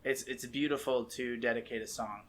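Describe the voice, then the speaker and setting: A man's voice: mid-range voice, steady tone, moderate pace, fairly bright tone. A man with a Midwestern American accent from Ohio, hosting a casual reaction video, rambling enthusiastically and often interrupting himself. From Ohio, USA. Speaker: reaction video host, actor and filmmaker.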